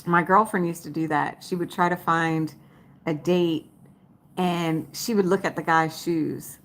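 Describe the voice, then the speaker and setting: A woman's voice: fairly low pitch, fairly even intonation, a little slow, fairly bright tone. A woman chatting casually to her viewers as a vlogger, folksy and talkative, calling them y'all. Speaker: vlogger talking to live viewers. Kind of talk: casual livestream chat.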